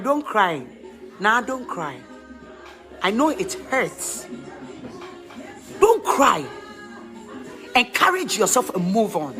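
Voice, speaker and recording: A middle-aged woman with a Ghanaian accent giving emphatic, preachy advice in animated talk, laughing often. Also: a little high.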